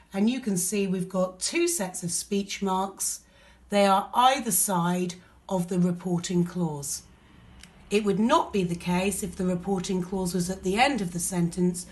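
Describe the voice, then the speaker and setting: A woman teacher with an English accent, explaining a lesson patiently step by step. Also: fairly low pitch. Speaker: primary school teacher.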